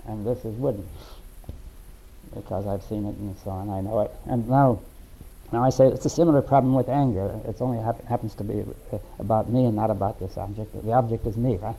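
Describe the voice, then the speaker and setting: A man in a philosophical discussion, talking haltingly and often checking in with "right?" and "you see". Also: fairly low pitch, fairly even intonation, dark tone, rough recording. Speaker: discussion participant.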